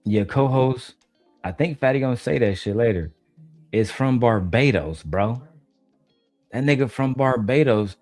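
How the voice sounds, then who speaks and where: A man's voice: mid-range voice, animated, a little slow, darkish tone, no echo, faint music behind. A man hosting a reaction video, giving mocking, slangy commentary on a debate clip.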